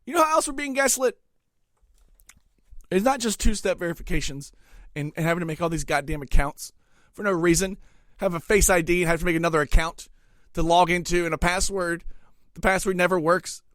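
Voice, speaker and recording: A man hosting a comedic rant, angry and swearing, dropping to mutters and then bursting into shouts. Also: sits high, fairly quick, pauses often, no room sound, studio quality. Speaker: comedic ranting host.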